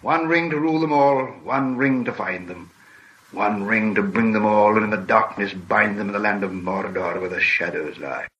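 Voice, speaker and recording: A man voicing an ancient wizard in an audiobook reading, with a hushed, measured delivery. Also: lowish voice, highs cut off. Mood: solemn chanting. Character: ancient grave male wizard, solemn and commanding.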